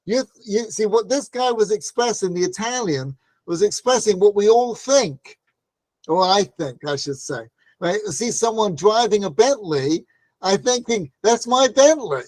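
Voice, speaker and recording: A man with a high, animated, slightly mellow voice teaches a Torah class a bit slowly, with no room sound. He relates stories in a conversational style, often saying "right?" and acting out the voices he quotes.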